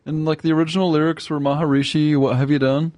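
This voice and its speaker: A young man hosting a casual college radio show, chatty and quick. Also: on the high side, flat delivery, a little mellow, no room sound. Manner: quick, chatty, laughs easily. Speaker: radio host.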